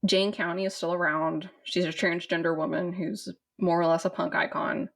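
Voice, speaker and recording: Woman with a creaky low voice. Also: little pitch movement, moderate pace, a bit bright. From southern United States. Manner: rambling, with many fillers and restarts. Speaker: podcast co-host. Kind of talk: casual chat about a film.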